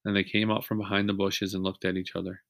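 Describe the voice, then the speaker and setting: A fairly low-pitched man reads a children's chapter book aloud at an even, patient pace. He sounds like a reader sharing a story with young listeners, stopping now and then to ask them questions. The recording is plain and close. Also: fast talker, creaky, dry recording.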